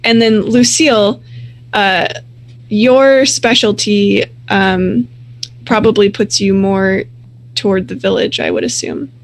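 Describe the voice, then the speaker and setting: A woman narrating as game master of a tabletop game, measured and thoughtful. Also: mid-range voice, animated, vocal fry, slight background noise.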